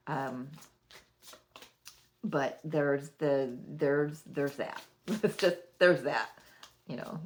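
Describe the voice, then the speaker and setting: Low-voiced woman giving a rambling card reading. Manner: rambling, thinks aloud, laughs often. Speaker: oracle card reader. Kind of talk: casual spiritual card reading.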